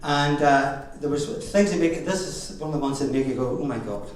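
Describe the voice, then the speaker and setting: In a very echoey wedding reception hall, far from the mic, a middle-aged Northern Irish man gives the father-of-the-bride speech, telling jokey tales with chuckles. His voice is a little high and brisk, with slight background noise.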